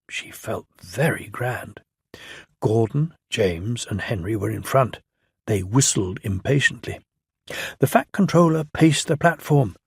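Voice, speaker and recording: A man with a British accent reading a children's storybook aloud in a gentle, measured way. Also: mid-range voice, expressive, creaky, husky, no room sound, clean studio sound.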